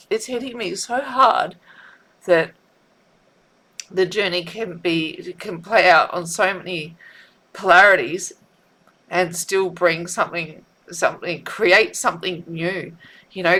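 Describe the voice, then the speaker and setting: A woman, a tarot reader talking in a heartfelt, tearful way, often halting and repeating herself. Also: fairly low pitch, fairly bright tone. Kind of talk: emotional spiritual vlog.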